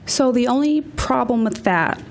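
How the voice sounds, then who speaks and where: A woman, a town official, calmly explaining rules at a public meeting. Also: on the high side. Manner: measured, explanatory.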